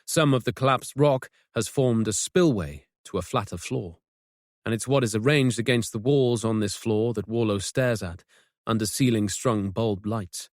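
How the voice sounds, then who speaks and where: Male audiobook narrator, mid-range, measured and suspenseful, dry close studio sound. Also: medium pitch, dry recording. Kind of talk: scripted narration.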